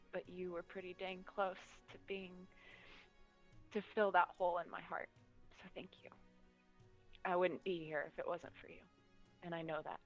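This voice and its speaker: A woman voicing a young female adventurer who speaks softly and sincerely. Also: lowish voice, lo-fi sound, natural voice. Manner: soft, quiet, sincere.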